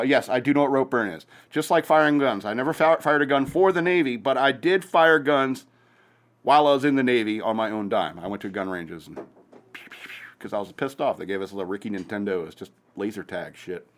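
A man's voice: mid-range voice, lively intonation, normal speed. Casual rambling man, profane and chuckling. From Virginia. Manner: loose, profane storytelling with chuckles. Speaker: podcast host.

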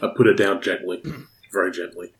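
A man's voice: sits low, level tone, a little fast. A man playing an online tabletop game, eager and upbeat. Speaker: player. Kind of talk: casual tabletop game chat.

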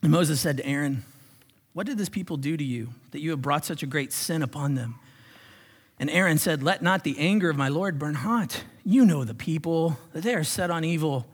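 A man preaching a sermon as pastor, animated, swinging from loud exclamations to hushed whispers. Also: fairly high pitch, normal speed, breathy edge. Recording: long reverb of a large hall.

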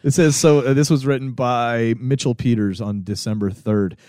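A man's voice: mid-range voice, steady tone, moderate pace, a little mellow, dry recording, studio quality. Laid-back man co-hosting a podcast. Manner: laid-back, swears casually, teasing. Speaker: podcast co-host. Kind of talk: casual chat among friends.

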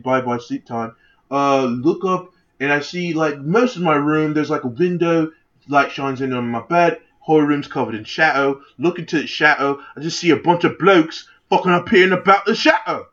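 A man's voice: medium pitch, voice pushed down, close to an everyday voice. A man doing an over-the-top, badly faked British accent as a rowdy, swearing pub bloke. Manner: profane, exaggerated, self-admittedly terrible British accent. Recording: lo-fi, dull sound.

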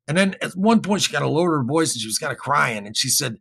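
Gravelly, husky-voiced man telling a story. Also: a little high, quick pace, hardly any pauses. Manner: rambling, repeats words, animated when quoting others. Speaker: guest recounting an experience. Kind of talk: casual spoken storytelling.

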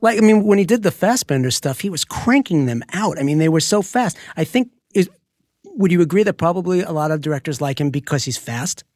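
Lively higher-voiced male podcast host. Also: fairly quick, no room sound, clean studio sound. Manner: hesitant, hedging questions. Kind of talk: casual interview chat.

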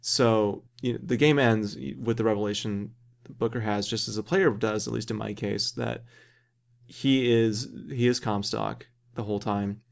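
Male podcast host, lowish gravelly voice, rambling thoughtful delivery. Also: steady tone, normal speed. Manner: thoughtful, rambling, laughs easily. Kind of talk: casual podcast discussion.

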